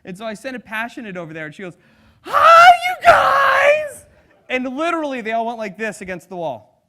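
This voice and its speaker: A man giving a live sales seminar to an audience, energetic and engaging, acting out personality types as he talks. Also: high voice, fast, crowd noise, noisy background. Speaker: sales trainer.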